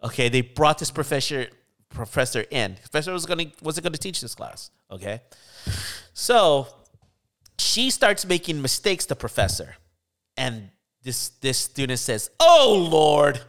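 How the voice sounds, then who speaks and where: A man telling a story in casual chat on a podcast, acting out the people he quotes with sudden jumps in his voice. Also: normal speed. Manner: animated storyteller, acts out quotes with pitch jumps.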